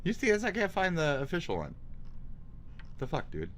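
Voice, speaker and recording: A man streaming live, giving casual reaction commentary in a mocking, profane and excitable way. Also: on the high side, moderate pace, a little hiss or hum.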